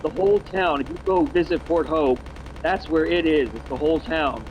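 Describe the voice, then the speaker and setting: A man's voice: fairly high pitch, moderate pace, muffled recording, a little hiss or hum. A man, a voice actor guest, telling stories in casual chat, emphatic and rambling. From Canada.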